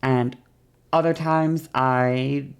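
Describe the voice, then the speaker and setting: A woman streamer explaining something casually, with a bouncy, varied delivery that speeds up and slows down and swears freely. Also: steady tone, clean tone, soft background music. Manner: bouncy, varied pitch and shifting pace.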